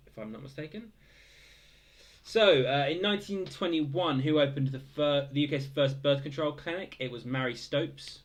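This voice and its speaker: A young man hosts a casual quiz recap, pitched right in the middle for a male voice. He reads each answer in a relaxed, halting way, full of "uh"s and "um"s. Now and then he drops in dry, self-mocking jokes. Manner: hesitant, many fillers, dry joking asides. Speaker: quiz host.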